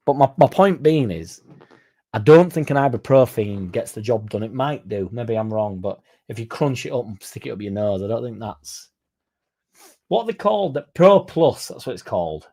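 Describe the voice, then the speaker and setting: A man's voice: mid-range voice, lively intonation, normal speed, mellow. A man hosting a football fan channel, chatting casually in a rambling, sweary, self-mocking way.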